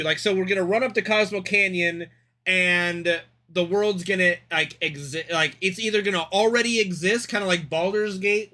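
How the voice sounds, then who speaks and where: Bright, high-voiced excitable male streamer. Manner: excitable, rambling, swears freely. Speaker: streamer reacting to a game trailer. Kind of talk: casual live-stream commentary.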